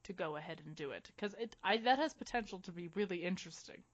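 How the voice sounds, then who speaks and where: A woman co-hosting a podcast, telling stories in a casual, animated way with frequent laughs. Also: on the low side, fast talker. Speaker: podcast co-host. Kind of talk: casual chat. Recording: dull lo-fi recording.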